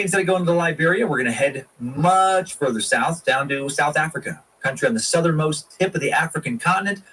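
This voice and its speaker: A man's voice: medium pitch, fairly bright tone, slightly rough, far from the mic, low-quality recording. A man hosting a casual history podcast, irreverent and profane, with jokey asides. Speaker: podcast host.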